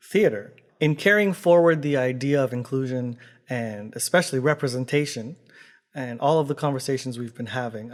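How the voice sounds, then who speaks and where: A man from Canada, a theatre artist, talking casually to camera in a clear, measured, explanatory way. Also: mid-range voice.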